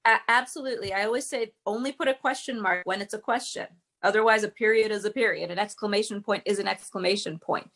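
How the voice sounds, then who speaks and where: A woman's voice: mid-range voice, fast, hardly any pauses, a bit bright. A woman speaking as a guest, a public speaking coach explaining with emphatic, teacherly energy. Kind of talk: interview guest.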